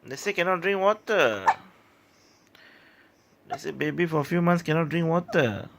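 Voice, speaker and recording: A woman's voice: low-pitched, animated, normal speed, noisy background. A woman filming her baby on a handheld phone at home, cooing soothing, repetitive baby talk.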